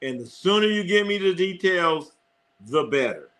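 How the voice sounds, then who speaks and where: Hosting a live sports stream, this middle-aged man has a high-sitting, slightly bright voice with lively intonation and a moderate pace. He reads chat while rambling, cursing, laughing frequently and repeating phrases.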